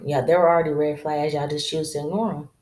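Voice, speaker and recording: Low-voiced woman doing her podcast solo, real blunt, slangy, laughing at her own points. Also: flat delivery, quick pace, a little mellow. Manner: blunt, straight-talking advice to women; drawling, slangy and laughing to herself. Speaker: podcast host. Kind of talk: casual solo podcast monologue.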